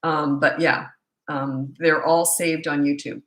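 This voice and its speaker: A woman's voice: deep voice, fairly even intonation, takes it slowly, a bit bright, roomy sound. A middle-aged woman coaching parents in a rambling, chatty live Q&A with many asides. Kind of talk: casual live Q&A.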